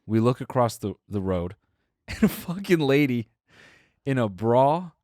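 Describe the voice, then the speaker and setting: A man's voice: medium pitch, measured pace, no room sound, studio quality. A young man co-hosting a podcast, casually telling a story with plenty of swearing and acting out the people in it. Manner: animated storyteller, acts out quoted people, swears freely. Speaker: podcast co-host.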